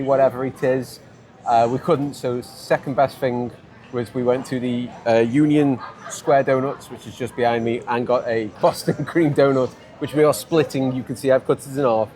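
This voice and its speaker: On an outdoor city-street travel vlog, this English vlogger speaks in Stoke-on-Trent English with a medium-pitched, darkish voice. He's chatty and jokey, laughing a lot as he goes.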